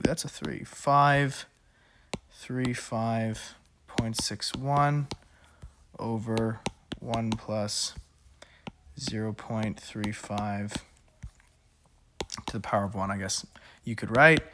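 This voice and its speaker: A man of middle pitch tutors finance while working a problem on his tablet. He talks casually and thinks aloud, restarting and chuckling at his own slips. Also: noisy background. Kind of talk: worked-example lesson. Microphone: recording at an iPad.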